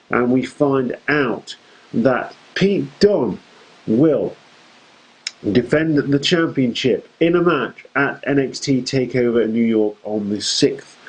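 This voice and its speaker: A man's voice: medium pitch, a little mellow, low-quality recording. A man hosting a fan show, giving a chatty, rambling recap of a wrestling show with jokey asides.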